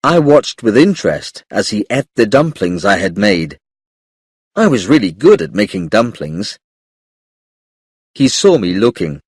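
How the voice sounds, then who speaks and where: A man narrating an easy English reader for learners, slow and deliberate. His voice is slightly husky and lively in pitch, recorded dry and close with no room sound. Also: dry recording. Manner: clear, careful storytelling. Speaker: audiobook reader.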